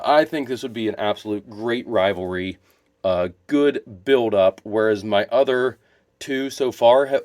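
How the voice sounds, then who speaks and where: Male vlogger, mid pitch, excitable and rambling, dry close recording. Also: dry recording. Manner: enthusiastic, rambling, restarts and self-corrections. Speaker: wrestling video creator. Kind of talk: casual solo commentary to camera.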